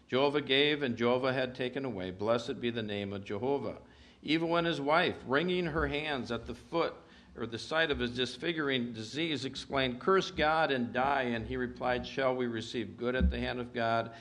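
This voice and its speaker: A man with a mid-range voice preaches a sermon earnestly, reading scripture aloud with emphatic rises and hushed drops.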